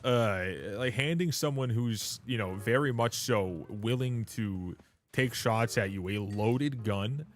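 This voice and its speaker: A man's voice: mid-range voice, slow, a little hiss or hum. Joking young man rambling on stream. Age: 20s. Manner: joking, rambling, self-mocking. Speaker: livestream host. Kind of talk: casual livestream chat.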